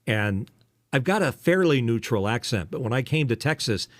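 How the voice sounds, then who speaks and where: Recorded clean in the studio with no room sound, a former radio DJ, an older man from the eastern US, chats on his podcast in an animated mid-range voice at a moderate pace. His radio polish comes through even as he teases, wanders, and leans on fillers.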